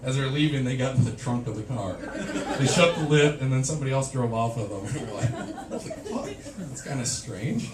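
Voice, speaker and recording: A man talks fast in a medium pitch as he does crude, self-deprecating stand-up in a small club. The clip was shot on a handheld camcorder from the audience and sounds distant, roomy and noisy, with the crowd laughing.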